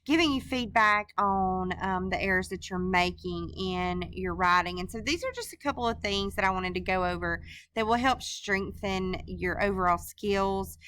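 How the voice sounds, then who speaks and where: A woman's voice: mid-range voice, moderate pace, fairly bright tone, no room sound. A woman teacher talking through a recorded screencast lesson in a casual, informal way, with frequent fillers and restarts.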